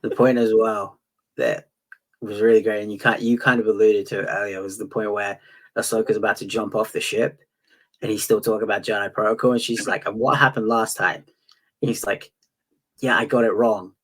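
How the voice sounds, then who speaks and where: A man with a fairly low voice co-hosts a relaxed fan podcast. He thinks aloud in an easy, conversational way, working through his points as he speaks. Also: fairly quick. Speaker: podcast co-host. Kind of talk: casual fan podcast review.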